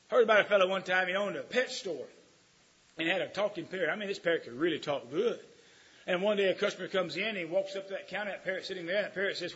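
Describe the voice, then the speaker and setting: Husky high-voiced preacher. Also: male voice, lively intonation, fast talker, dull audio. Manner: folksy, emphatic, swings from quiet to loud. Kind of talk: sermon.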